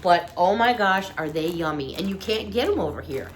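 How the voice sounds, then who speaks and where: An American woman vlogger chats casually while showing off a haul of British sweets, gushing and getting emotional about the treats. Her voice is on the low side with lively intonation at normal speed, and there is slight background noise.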